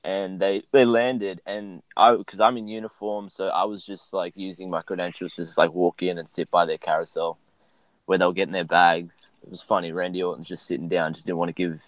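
Deep-voiced man rambling bluntly. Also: little pitch movement, no echo, poor audio. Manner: rambling, blunt, halting restarts. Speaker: podcast guest. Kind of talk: casual chat.

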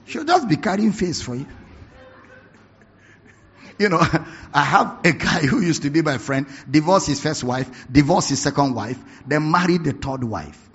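A man preaching a sermon, telling stories with animated bursts of laughter and shouting. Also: on the high side, a little slow, slightly rough. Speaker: pastor. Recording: dull lo-fi recording.

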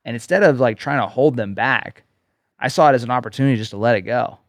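A man's voice: mid-range voice, fast, no room sound. A man co-hosting a podcast, telling a personal story in an earnest way and often checking in with "okay?". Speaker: podcast co-host, coach. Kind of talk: casual podcast conversation.

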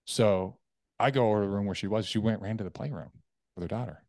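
A man's voice: on the low side, fast, creaky, no room sound, clean studio sound. A man guest on a podcast, telling a personal story candidly and acting out the voices of others. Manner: candid, animated retelling with acted quotes.

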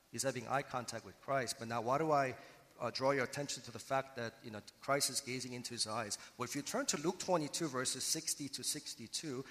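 A man preaching a sermon as pastor, earnest and emphatic, slowing and pausing for effect on key words. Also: medium pitch, bright, forceful tone, long reverb tail.

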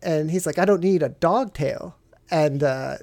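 A man's voice: a little high, unhurried, vocal fry, a little mellow. A man, a military veteran, telling rambling, profane stories in casual podcast chat and laughing often.

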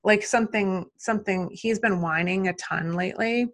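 A woman's voice: medium pitch, normal speed. A woman in her thirties, a mother talking through her parenting worries in a casual, rambling conversation full of fillers and second-guessing. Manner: rambling, self-questioning, many fillers. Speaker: mother and podcast guest.

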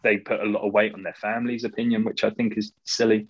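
A man, co-hosting a podcast in laid-back, sweary casual chat, quick to laugh. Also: fairly low pitch, flat delivery, slightly rough, dull audio. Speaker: podcast co-host.

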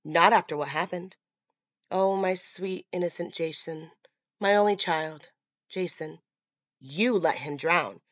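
A woman voicing a grieving middle-aged mother turned killer, soft-spoken and quietly menacing, in a dull lo-fi recording. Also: lowish voice, a little slow, pauses often, no room sound, natural voice.

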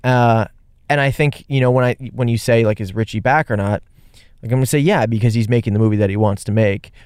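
Podcast co-host, man, smooth clear voice, dry close sound, lively and jokey. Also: mid-range voice, no echo. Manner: animated, jokey, quick asides. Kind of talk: casual movie review chat.

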